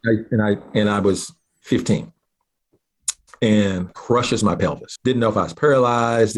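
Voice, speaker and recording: A man from southeastern Oklahoma, a guest earnestly telling a personal story with halting restarts. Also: fairly low pitch. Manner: earnest, halting restarts, slows down at key moments.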